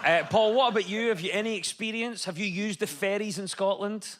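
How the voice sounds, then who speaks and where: A man hosting a comedy panel show, reading out scripted jokes with a brisk, wry delivery. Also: high-pitched, heavy background noise. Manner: brisk and wry, with punchlines read dry. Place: TV studio with an audience.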